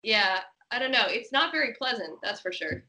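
A woman's voice: fairly high pitch, animated, moderate pace, pushed and bright, rough recording. A woman speaking as an interview guest, chatty and candid, with plenty of fillers as she thinks aloud. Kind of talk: casual interview chat.

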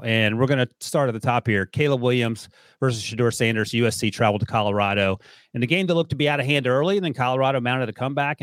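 A man's voice: mid-range voice, dry recording, studio quality. A man hosting a football podcast, joking with his co-host and plugging the show in a casual chat. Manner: upbeat, joking, plugs the show.

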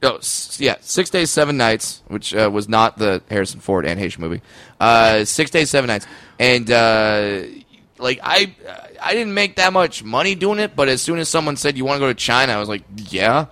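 A young man with a bright, forceful voice chats casually on a podcast, stumbling over restarts and breaking into laughter. The sound is dry and close, with no room around it. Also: medium pitch, animated, moderate pace, no room sound. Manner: laughing, stammering restarts, drops into silly voices. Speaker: podcast co-host and comedian. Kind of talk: casual chat.

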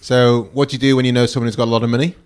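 A man in his forties co-hosting a TV recap podcast, chatty and quick to laugh. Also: mid-range voice, level tone, a little mellow. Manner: chatty, laughs easily, jokey. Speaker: podcast co-host. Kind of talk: casual chat.

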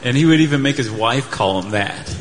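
A man's voice: mid-range voice, animated, fairly quick. A man co-hosting a live podcast on stage, telling history in a jokey way, slipping into silly quoted voices. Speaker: podcast co-host. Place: theater stage before a live audience. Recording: live hall with long reverb.

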